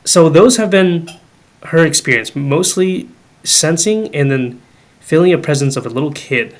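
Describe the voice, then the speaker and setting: A young man, a podcast guest, telling a family ghost story in casual chat, full of "like" and "um" and acting out the dialogue he quotes. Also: on the high side. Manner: animated, acts out quoted dialogue; many fillers like "like" and "um".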